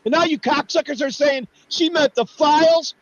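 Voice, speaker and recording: A man's voice: extremely high pitch, moderate pace, dry recording, muffled recording. A man hosting a livestream, ranting angrily and swearing nonstop at politicians. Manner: furious, swearing, shouting at politicians. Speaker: livestream host. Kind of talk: angry profane rant.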